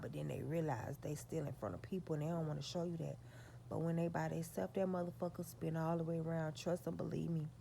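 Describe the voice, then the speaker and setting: Woman vlogger, low gravelly voice, profane, emphatic storyteller. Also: noisy background. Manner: profane, emphatic, talks straight to her audience. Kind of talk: storytelling to her viewers.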